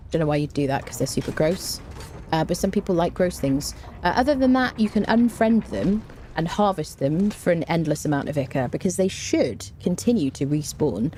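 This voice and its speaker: A woman's voice: low voice, warm tone, a little hiss or hum. A woman streamer giving chatty, rambling live commentary while she plays a game, often saying "there you go.".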